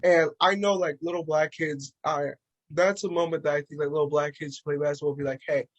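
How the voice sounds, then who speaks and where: A man co-hosting a casual sports and music podcast with a fairly high voice. He talks in an animated way and jumps up in pitch when acting out what other people say. The delivery is loose, with plenty of fillers. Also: fairly quick, rough recording. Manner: animated, acts out quotes in a raised voice. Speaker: podcast co-host. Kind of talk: casual chat.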